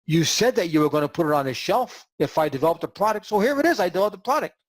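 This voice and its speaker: A man's voice: high-pitched, animated, very fast, no echo, voice pushed up. A man voicing a determined young woman entrepreneur, speaking insistently and with emphasis.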